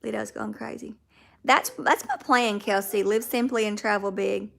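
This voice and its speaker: A woman's voice: mid-range voice, steady tone, normal speed, creaky, fairly bright tone. A woman with a Southern US accent, hosting a casual livestream and chatting with viewers by name. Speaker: livestream host. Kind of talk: casual livestream chat reading viewer comments.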